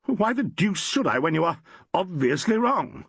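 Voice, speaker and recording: A man's voice: lowish voice, huge pitch swings, moderate pace, slightly rough, no echo, full character voice. A man playing a peevish, blunt businessman. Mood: irritable. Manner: irritable and dismissive.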